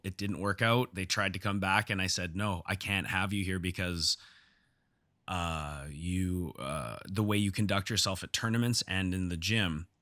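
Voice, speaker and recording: A man's voice: sits low, bright, forceful tone, no room sound, studio quality. A man hosting a podcast, telling a story from his gym in a casual, heated way, restarting his sentences. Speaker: podcast host and gym owner.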